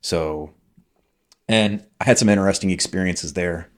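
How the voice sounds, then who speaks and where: Man in his 40s, very low voice, loose rambling storyteller who swears a lot. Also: moderate pace. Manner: rambling, leans on "like" fillers, swears freely. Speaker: podcast guest, military veteran. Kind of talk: casual conversational storytelling.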